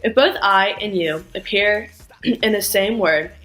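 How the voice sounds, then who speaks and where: Slow, careful woman teaching a lesson. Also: fairly bright tone, faint music behind, low-quality recording. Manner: slow, careful, demonstrates tones with exaggerated pitch. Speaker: language teacher. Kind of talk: scripted lesson narration.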